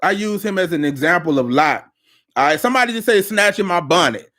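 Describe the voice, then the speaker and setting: A man's voice: high voice, lively intonation, a little fast, pushed and bright. A man coaching business owners on a live stream, emphatic and preachy, repeating his phrases for effect. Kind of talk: live-stream pep talk. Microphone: live-stream mic.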